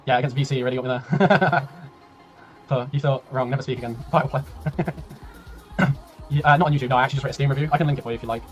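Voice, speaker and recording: A man casting a strategy game tournament on a live stream, chatty and laughing, with a tiring voice that he keeps clearing. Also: mid-range voice, quick pace, pauses often, dull audio, soft background music. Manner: chatty, laughing, rambling, swears, reads chat aloud. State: voice tiring, clearing throat often. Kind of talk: casual live-stream commentary.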